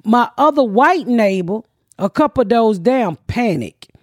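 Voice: medium pitch, unhurried, no echo, studio quality. A podcast co-host telling a story in casual chat, swearing freely and acting out what other people said. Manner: profane, animated storyteller acting out quotes.

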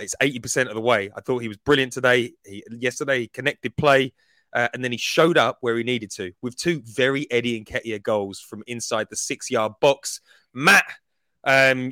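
Bright-voiced podcast host. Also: male voice, mid-range voice, dry recording, studio quality. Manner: animated, mock-boastful. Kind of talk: casual podcast chat.

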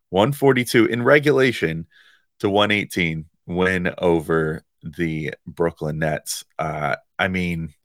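A man hosting a solo sports podcast in a loose, excited, slangy way, dropping fillers like "man" and "like". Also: low voice, no room sound, clean studio sound. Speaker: podcast host and site editor.

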